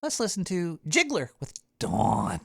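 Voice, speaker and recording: A man's voice: high voice, huge pitch swings, measured pace, vocal fry. A man hosting a talk show, ranting in a rambling, profane way with frequent stammering and restarts. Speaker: radio show host.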